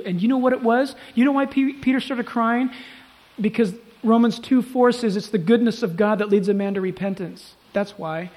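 Pastor at a church service, a man with a high voice, preaching with emphatic swings from loud to soft. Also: steady tone, normal speed. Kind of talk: sermon. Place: church service before a congregation.

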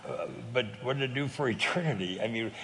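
A man's voice: medium pitch, fast, fairly bright tone, big-room sound. An older man from California telling faith stories in an earnest, conversational way, often repeating words and laughing easily. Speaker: guest speaker on faith sharing. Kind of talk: conversational testimony.

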